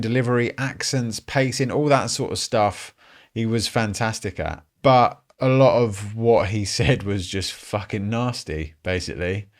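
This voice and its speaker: A man hosting a casual commentary show, chatty and frank, swearing freely and laughing often. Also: sits low. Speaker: podcast host.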